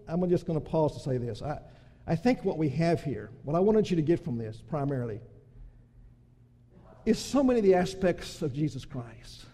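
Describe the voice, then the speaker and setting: A man's voice: fairly high pitch, warm tone. A male pastor preaching a sermon in a church, fervent and emphatic with frequent restarts. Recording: long hall reverb.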